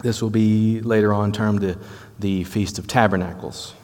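Southern US male preacher, low voice, conversational explainer; long hall reverb. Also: fairly even intonation, moderate pace, a little mellow. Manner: conversational, explanatory, frequent restarts. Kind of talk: sermon-style Bible teaching.

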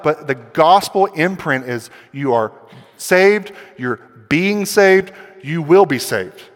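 Emphatic preacher in an echoing hall. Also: male voice, on the high side. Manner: emphatic preaching with rhetorical questions, building to loud passages. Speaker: pastor. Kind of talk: sermon. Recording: long hall reverb.

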